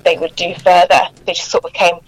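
A woman in her thirties, a children's author interviewed over the phone, friendly and gently hesitant. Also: lowish voice, flat delivery, brisk, dry recording, low-quality recording. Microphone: mobile phone.

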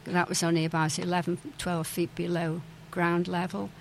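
An older woman whose father once owned a club recalls her past as an interview guest, often pausing with fillers and starting over. Her gravelly voice is low and monotone at a normal speed, and the poor recording carries a bit of hiss or hum.

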